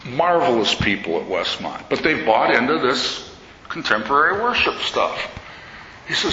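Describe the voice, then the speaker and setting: An older man, an Orthodox priest, giving a talk in sermon style and telling stories with lively quoted voices. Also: mid-range voice, normal speed, a crowd in the background. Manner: storytelling, animated quoting of others. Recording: echoey hall, slightly dull sound, faint noise.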